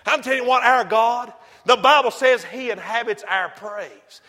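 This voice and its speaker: A man preaching a fiery sermon, shouting and whooping, then dropping to low asides. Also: normal speed. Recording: long hall reverb.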